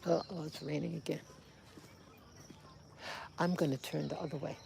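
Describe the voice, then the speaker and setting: A woman's voice: deep voice, steady tone, normal speed, creaky, noisy background. A woman vlogging on a walk outdoors, rambling and emotional as she talks to her little boy. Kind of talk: casual walking vlog. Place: outdoors on a street.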